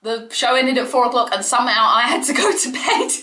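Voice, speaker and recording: Excitable woman gushing in a bright, echoey room. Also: fairly high pitch, fairly quick. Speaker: wrestling vlogger. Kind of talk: casual solo review. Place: home room.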